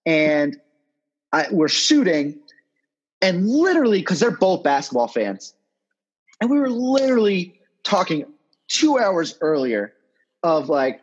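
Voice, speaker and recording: A man's voice: a little high, big pitch swings, unhurried, long pauses, slightly rough, lo-fi sound. Casual rambling man in his thirties. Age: 30s. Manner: rambling, casual storyteller who swears. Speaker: guest, sports agent. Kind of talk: podcast interview storytelling.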